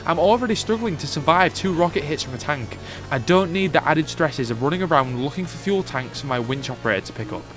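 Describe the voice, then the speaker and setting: A man's voice: a little high, animated, brisk, a bit bright, soft background music. Sarcastic, sweary male game reviewer. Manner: sarcastic, sweary, mock-indignant. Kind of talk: comedic retro game review voice-over.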